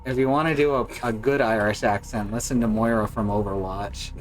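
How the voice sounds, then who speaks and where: A man's voice: fairly low pitch, fairly even intonation, brisk, a little hiss or hum, rough recording. Wry man streaming a game. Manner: wry, joking, narrating his gameplay. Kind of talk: casual live-stream chat while playing.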